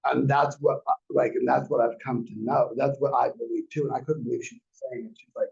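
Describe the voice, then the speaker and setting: A man's voice: mid-range voice, fairly even intonation, fairly quick, vocal fry, a little mellow, lo-fi sound. A man teaching a classroom lecture in a conversational, rambling way with many restarts. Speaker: real estate class instructor.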